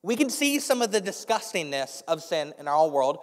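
Male pastor, slightly higher voice, slight lisp, earnest sermon delivery in a big reverberant church hall. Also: sing-song, moderate pace. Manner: earnest, restarting phrases, dropping soft for guided imagery. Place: church sanctuary with a live congregation. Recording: long reverb of a large hall.

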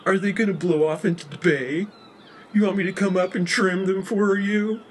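A man's voice: high voice, a little slow, a little hiss or hum. A man voicing a joking male inspector who mocks in a surfer-style drawl. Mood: mocking. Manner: mocking, surfer-ish drawl.

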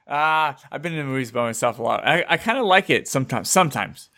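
Bright-voiced young man chatting casually. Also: on the high side, fast talker. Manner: relaxed, rambling, swears casually. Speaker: podcast co-host. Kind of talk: casual chat. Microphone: video call.

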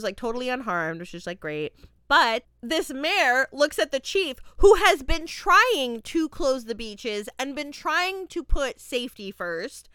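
A young woman from Florida hosting a podcast, casually reviewing a movie with lively laughter and acted-out quotes. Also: fairly high pitch, clear, resonant tone, no echo, clean studio sound. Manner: animated, laughing, acts out quotes. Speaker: podcast host.

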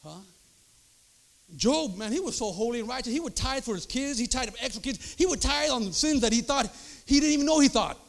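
High gravelly older preacher man. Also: expressive, fairly quick. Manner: emphatic preaching with rhetorical "huh?" asides. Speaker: pastor. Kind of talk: sermon.

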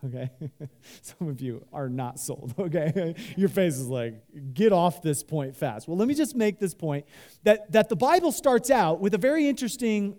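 A pastor preaching a sermon, animated, leading the congregation in call-and-response and talking loosely with many fillers and restarts. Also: male voice, high voice, moderate pace.

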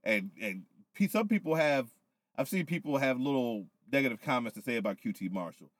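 A man on a podcast, casually recapping wrestling with loose, profane, animated storytelling, a little tipsy. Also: mid-range voice, brisk, no echo. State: tipsy from whiskey. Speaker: podcast co-host.

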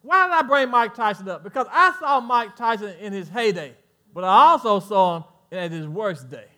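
A male pastor delivers a sermon in a high, bright, ringing voice. He drops low for playful asides to the congregation, then climbs into loud, rising calls. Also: expressive, normal speed. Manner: preaching with swells of volume and playful asides to the congregation.

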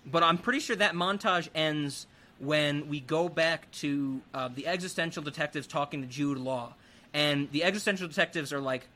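A man's voice: on the high side, normal speed. A man casually recapping a movie, acting out characters' lines as he goes. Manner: animated, acts out characters' lines. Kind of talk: casual film recap chat.

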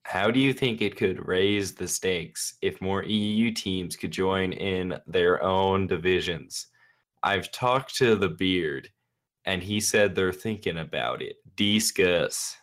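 Man doing an exaggerated Southern American drawl, deep voice, loud and slow. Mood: mock-serious. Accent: put-on Southern American.

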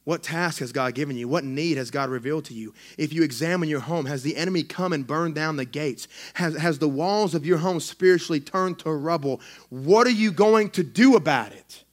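Excitable pastor preaching. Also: male voice, on the high side, fairly quick, hardly any pauses. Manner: excitable, conversational preaching with frequent restarts. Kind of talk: sermon. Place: church sanctuary.

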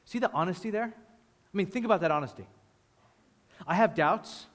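A man's voice: high voice, lively intonation, moderate pace, pauses often, in a large hall. A man preaching a sermon with passion, acting out the voices of people praying. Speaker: pastor.

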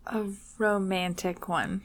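A woman's voice: medium pitch, fairly even intonation, takes it slowly. A woman hosting a podcast in casual chat, playful and laughing often. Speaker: podcast host.

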